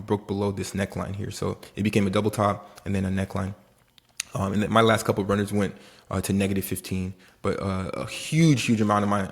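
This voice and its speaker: A man with a Haitian accent talks through his day trades in a loose, rambling vlog style. His voice sits low with a gravelly edge. He quotes his own reactions and swears casually as he goes. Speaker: options day trader vlogger. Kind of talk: casual trading recap vlog.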